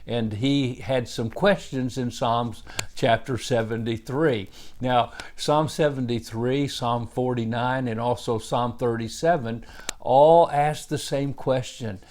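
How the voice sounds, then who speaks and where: A man's voice: medium pitch, steady tone, slow pace, a little mellow, a little hiss or hum. A male pastor giving a devotional Bible teaching, earnest in tone, with rising emphasis on key words and frequent "uh" fillers.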